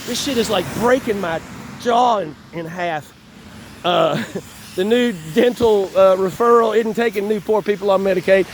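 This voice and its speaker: A man's voice: high voice, normal speed, slight background noise. A man, rambling and cursing with frequent chuckles as he vlogs while in pain. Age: 50s. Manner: profane, rambling, laughs between phrases. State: in chronic pain. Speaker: vlogger. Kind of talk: casual rambling monologue. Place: outdoors on an urban street.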